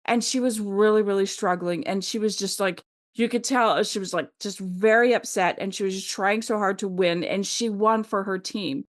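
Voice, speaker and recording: A middle-aged woman co-hosts a podcast in a steady, mid-range voice at normal speed. Her talk is casual and rambling, full of fillers and laughter.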